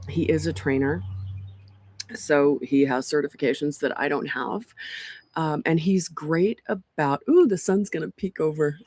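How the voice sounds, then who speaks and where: A woman's voice: low-pitched, dry recording. Chatty woman hosting a laptop livestream. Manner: chatty, rambling, frequent ums and restarts. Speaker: community group host. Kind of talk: casual livestream chat. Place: outdoor porch among pines. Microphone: laptop microphone.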